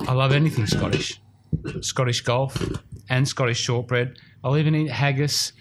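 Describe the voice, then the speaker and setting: A man's voice: mid-range voice, fairly even intonation, normal speed, background noise. A man with an Australian accent hosting a golf podcast in casual, rambling chat, a bit self-deprecating. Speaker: podcast host. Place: studio room.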